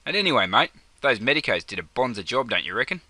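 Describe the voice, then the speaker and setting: A man's voice: mid-range voice, very animated, fast, bright, forceful tone, no room sound, exaggerated voice. A young man with an Australian accent playing an easygoing mate who talks in slang in a comedy sketch. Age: young adult. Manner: broad slang-laden banter. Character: young Aussie bloke Jono, easygoing mate.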